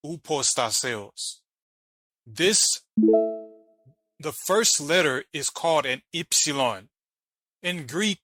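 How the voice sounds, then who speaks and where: A man's voice: a little high, pushed and bright, rough recording. A man hosting a reaction video, arguing and mocking while he explains letter by letter. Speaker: channel host reacting to a debate clip. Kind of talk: argumentative commentary.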